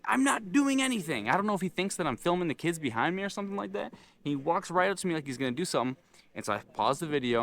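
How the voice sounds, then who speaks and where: A young man vlogging, telling a frustrated, swear-filled story in an animated, ranting way. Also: medium pitch.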